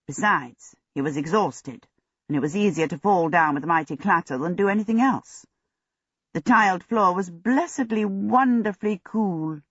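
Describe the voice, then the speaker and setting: An audiobook narrator reading a fantasy story in a steady, measured way. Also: mid-range voice, breathy edge, no echo. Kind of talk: scripted narration. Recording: dull lo-fi audio.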